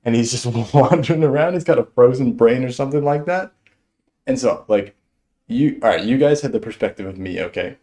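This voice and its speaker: A young man telling a stand-up story in an animated way, chuckling as he goes. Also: mid-range voice, a little fast. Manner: animated, chuckles through his own story. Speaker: stand-up comedian.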